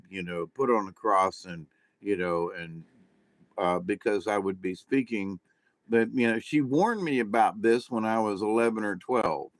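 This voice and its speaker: A man's voice: on the low side, dry recording. Rambling man in a dry close recording. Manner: rambling, many restarts. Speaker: vlogger, self-described channeler. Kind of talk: casual monologue.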